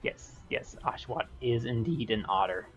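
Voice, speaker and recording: Rambling man streaming a game. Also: moderate pace. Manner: rambling, excitable, with bursts of high-pitched yelling. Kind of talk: casual live-stream chat. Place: home. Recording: dull lo-fi stream audio with faint music.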